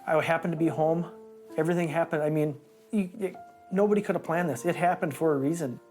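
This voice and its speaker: A man local resident speaking haltingly in an emotional interview, searching for words. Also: a little high, steady tone, a little mellow, soft background music.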